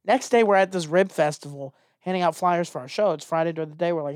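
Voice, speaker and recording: A man, a stand-up comedian, telling a casual, animated story and acting out the people in it. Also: fairly high pitch, fast, no room sound, clean studio sound. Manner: animated, acts out quoted voices.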